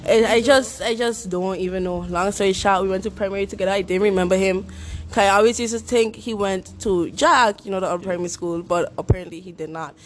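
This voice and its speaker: A young woman on a podcast tells a long story in relaxed chat. She is lively and acts out the people she quotes. A clear hiss and clicks sit under her voice. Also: medium pitch, quick pace. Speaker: podcast guest. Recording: noisy recording with clicks.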